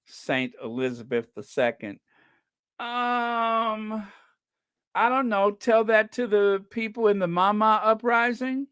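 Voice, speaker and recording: Slow chatty stream host reading chat, laughs a lot, dry close mic. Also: mid-range voice, expressive, a bit bright, smooth, no room sound. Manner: chatty, laughs often, drawn-out repeated no's. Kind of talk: casual chat.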